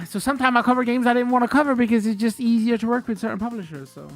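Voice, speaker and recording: A man's voice: very high voice, very fast, soft background music. A man streaming games, chatting and ranting loosely to his viewers with frank swearing. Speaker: game streamer. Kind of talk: casual live-stream chat.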